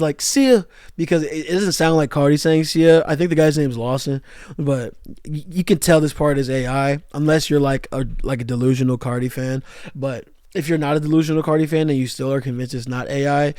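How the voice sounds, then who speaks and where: A man's voice: medium pitch, fairly even intonation, a little fast, darkish tone, no room sound, clean studio sound. A young man giving a rambling, slangy music commentary rant, full of fillers and restarts. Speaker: music YouTuber.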